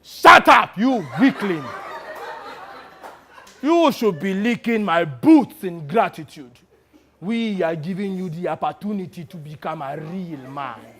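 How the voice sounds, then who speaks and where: A man's voice: medium pitch, completely flat delivery, measured pace, few pauses, natural voice. A man voicing a brutal rebel soldier who barks sneering orders. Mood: sneering, harsh. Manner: shouting, sneering.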